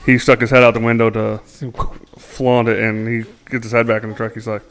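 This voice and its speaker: Emphatic profane podcast buddy. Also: male voice, medium pitch, monotone, fairly quick, a bit bright. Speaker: podcast co-host. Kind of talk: casual chat among friends.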